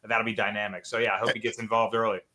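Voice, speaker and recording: A man's voice: fairly low pitch, flat delivery, rapid-fire, bright, forceful tone. A man on a sports betting panel, giving his picks in an upbeat, hype-driven way. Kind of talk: sports betting live stream chat.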